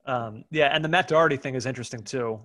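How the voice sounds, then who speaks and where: Male co-host, laid-back, halting, middle pitch. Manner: relaxed, hesitant, lots of ums. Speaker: podcast co-host. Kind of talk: casual football chat.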